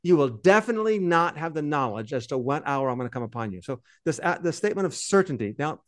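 A man's voice: on the high side, very animated, quick pace, no room sound, studio quality. A man co-hosting a podcast, giving a conversational Bible study and explaining the Greek text in a loose, teacherly way. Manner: explanatory, translates Greek on the fly, loose fillers.

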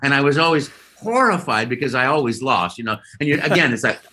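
A man guest telling a lively story in an interview and acting out voices and sounds as he goes. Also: medium pitch, brisk, a little hiss or hum. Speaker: guest voice actor. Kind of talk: animated storytelling.

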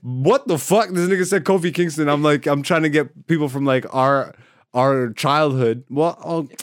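A man co-hosting a podcast in casual chat, laughing loudly and often, swearing freely and telling animated stories. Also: on the high side, normal speed, clean tone, no echo, studio quality. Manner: loud, frequent laughter, profane banter; animated storyteller. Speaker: podcast co-host.

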